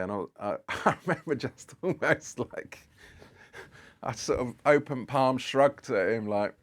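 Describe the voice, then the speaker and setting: A man's voice: medium pitch, animated, measured pace. Man telling a rambling anecdote. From Britain. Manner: rambling storyteller who acts out dialogue. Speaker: podcast guest, photographer. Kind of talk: casual anecdotal chat.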